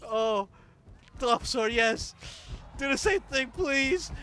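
A man giving casual, excitable gameplay commentary, laughing often and swearing freely. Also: extremely high pitch, slow pace, smooth. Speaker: gaming channel host.

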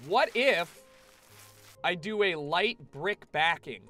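Young male streamer, lively sing-song delivery, slightly high, casual and profane, faint music bed. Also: slow pace. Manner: animated, chatty, swears freely. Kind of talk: casual gameplay commentary to a live chat.

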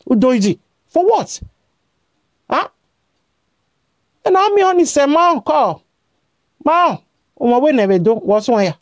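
Recorded dry with clean studio sound, a woman with a slightly high voice and a Nigerian accent scolds her vlog audience directly. Her rant is repetitive and moves between Pidgin and a local language.

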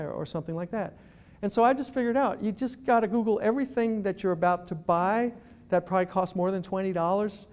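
A middle-aged man with a high voice gives a humorous talk to a live audience at an ethics chapter meeting. He tells stories and acts out the voices of the people in them. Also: fast, a little mellow, clean tone. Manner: storytelling, acts out voices in his anecdotes. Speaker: guest speaker.

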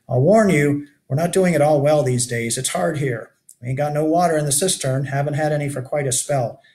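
Guy putting on a tired rugged old shelter keeper, folksy talk, sounds a bit high. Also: a little fast, mellow, natural voice. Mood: weary. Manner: folksy backwoods grammar, lamenting. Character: weary older male lighthouse-refuge keeper, rugged.

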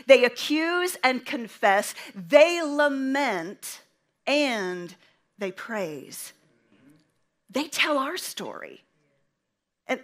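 A woman preaching a sermon with a slow, emphatic delivery and dramatic pauses, inviting the congregation to respond. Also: fairly high pitch, a bit bright.

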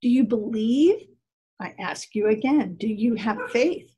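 A woman voicing a gentle, wise man who speaks softly and lovingly, at times near a whisper. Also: fairly high pitch, expressive, a little slow, breathy edge, lo-fi sound, exaggerated voice. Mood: tender. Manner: soft and hushed, sometimes whispered.

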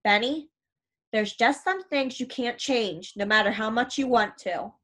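A quiet, steady uncle speaks in a low, firm voice that doesn't rise, as a woman reader voices him. He comes across as grim and unshakable in an audiobook. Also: measured pace.

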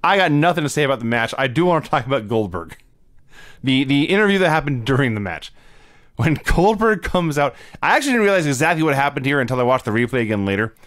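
A man's voice: mid-range voice, sing-song, fast talker, fairly bright tone, dry recording, studio quality. A man co-hosting a casual chat, laughing often and explaining what happened. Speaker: podcast co-host. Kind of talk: casual chat recapping wrestling.

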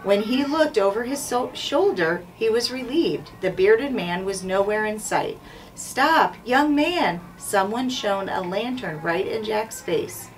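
A woman's voice: mid-range voice, expressive. Woman principal reading a children's book. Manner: clear, measured storytelling to children. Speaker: school principal reading aloud. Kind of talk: children's book read-aloud. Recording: distant mic, faint background noise.

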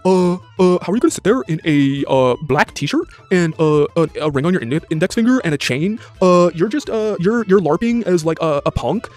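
A man co-hosting a reaction stream, talking in a sarcastic, mocking, halting way. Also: sits high, lively intonation, a little mellow, soft background music. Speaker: co-host reacting to a video. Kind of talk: casual commentary chat.

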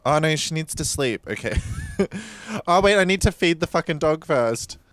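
A man's voice: on the high side, expressive, normal speed, fairly bright tone, slight background noise. A man as a drag queen streamer, commenting casually on a life-sim game, gushing, gasping and squealing with delight and swearing freely. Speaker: drag queen let's-play host.

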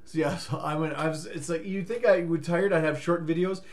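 Casual vlogger, male, tired, rambling and stammering, slightly high voice, goofy sing-song bursts. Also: a little fast. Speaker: life coach vlogger.

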